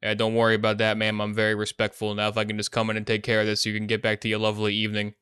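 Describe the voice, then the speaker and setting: A man's voice: on the low side, monotone, very fast, fairly bright tone, smooth, no room sound, clean studio sound, soft background music, lightly acted. A man putting on a silly voice to play a bumbling fake repairman talking his way toward the door. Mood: smooth-talking. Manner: silly, put-on accent.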